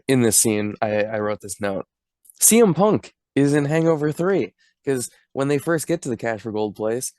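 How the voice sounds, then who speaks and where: A man's voice: medium pitch, a little mellow, dry recording, clean studio sound. Laughing man recapping a film. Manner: laughs often, acts out quoted lines. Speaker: podcast co-host. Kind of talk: casual movie recap chat.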